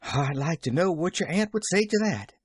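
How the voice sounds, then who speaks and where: A man's voice: a little high, animated, normal speed, husky, no room sound, studio quality, pitched above the performer's own voice. A man doing a flustered young maid. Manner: breathless, exclaiming, rustic speech. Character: flustered excitable young woman servant.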